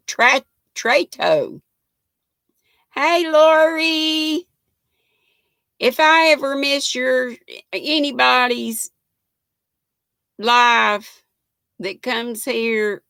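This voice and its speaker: An older Southern woman drawls slowly through a chatty live stream, her voice bright and edged with gravelly fry. She greets viewers by name in a homey, folksy way, recorded close and dry. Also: medium pitch, no echo. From North Carolina. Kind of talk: casual live-stream chat reading viewer comments.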